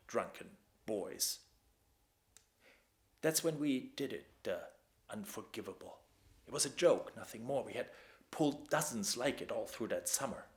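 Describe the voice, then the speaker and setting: A man reading his own dark story aloud, measured, dropping to a hush at tense moments. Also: mid-range voice. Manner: measured, with sudden hushed drops. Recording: echoey room.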